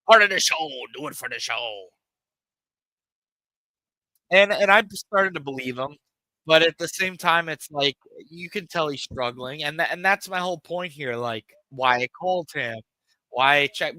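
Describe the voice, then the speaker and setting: A man's voice: a little high, bright, forceful tone, no room sound, rough recording. A man on a live stream, ranting in a rambling, profane, emphatic way to his chat. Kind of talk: casual live-stream rant.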